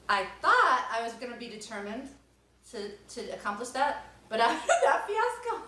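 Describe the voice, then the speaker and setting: Excitable woman, lively pitch, roomy. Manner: excitable, gushing, laughs often. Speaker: vlogger unboxing an instrument. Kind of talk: casual unboxing vlog. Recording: roomy, mic at a distance, background noise.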